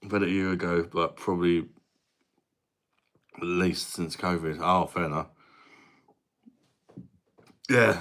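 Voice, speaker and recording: A man's voice: low voice, fairly bright tone. A British man hosting a casual live stream, bantering with chat, laughing often and swearing casually. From Britain. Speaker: live-stream beer reviewer.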